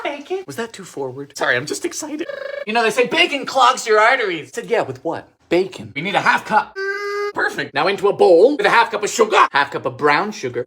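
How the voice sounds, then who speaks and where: A man narrates a comedic vintage recipe show. His voice is bright and sharp, with a pitch that leaps around constantly. He swings between shouted exclamations and deadpan muttered jokes. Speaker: cooking show host.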